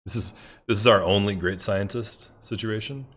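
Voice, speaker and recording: At a normal speed, a man with a fairly low voice gives loose, casual commentary while playing a strategy game. He mutters to himself, gets excited, and swears freely whenever a move goes wrong.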